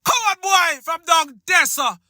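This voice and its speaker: A man hosting a commentary channel, loudly taunting and shouting. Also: very high-pitched, lively intonation, a little slow, very noisy. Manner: loud, taunting, shouting often. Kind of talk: hyped street-style commentary.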